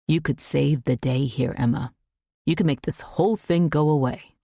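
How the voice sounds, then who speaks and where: A woman's voice: sits low, moderate pace, gravelly, dark tone, no echo, studio quality. A woman voicing a nervous middle-aged father who pleads with his daughter, reading an audiobook. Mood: pleading. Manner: imploring, nervous.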